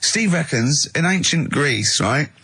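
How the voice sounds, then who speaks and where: A man co-hosting a casual comedy chat, telling stories with animated energy and bursting into loud laughter. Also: measured pace, breathy edge. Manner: loud high-pitched laughter, animated storytelling. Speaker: co-host.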